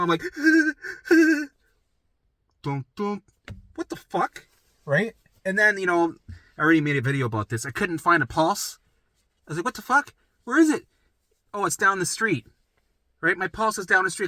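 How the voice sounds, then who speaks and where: A middle-aged man telling his own story in a rambling, profane, animated way, often asking "right?" and jumping into acted voices. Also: no room sound. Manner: acts out his own past voices in sudden pitch jumps. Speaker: vlogger sharing his recovery story. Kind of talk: casual storytelling monologue.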